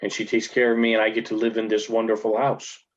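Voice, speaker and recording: A man's voice: lowish voice, monotone, fast talker, lightly acted. A man voicing a devoted gingerbread man servant who stammers and turns defensive. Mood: nervous. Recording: muffled lo-fi recording.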